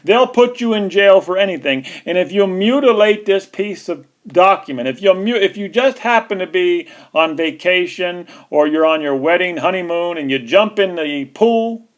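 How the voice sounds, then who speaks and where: Man, high-pitched, indignant, repetitive rant. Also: lively intonation, moderate pace, hardly any pauses. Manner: indignant and repetitive, restarting phrases. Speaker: video commentator. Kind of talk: angry ranting monologue.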